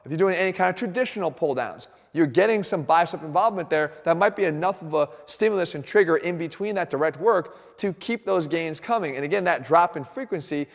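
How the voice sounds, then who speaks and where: Fitness host, earnest man, slightly high voice, reverberant space. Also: animated, a little fast, vocal fry, hardly any pauses. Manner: earnest, direct, addresses viewers. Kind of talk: instructional fitness talk.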